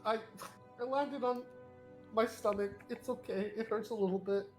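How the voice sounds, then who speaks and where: A tabletop game player who talks in a giggly, hesitant way and often trails off quietly. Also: medium pitch, fairly even intonation, normal speed, faint music behind.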